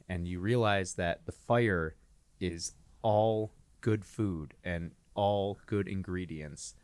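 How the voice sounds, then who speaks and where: A man's voice: low voice, slow, smooth, dry recording. A man improvising a story on a podcast in an easygoing way, with lots of fillers and chuckles.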